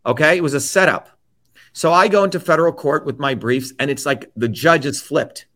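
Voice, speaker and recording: Interview guest, man, slightly high voice, forceful and blunt, keeps asking "okay?". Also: fairly quick. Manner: forceful, checks in with repeated "okay?"; blunt, swears freely. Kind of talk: emphatic conversational storytelling.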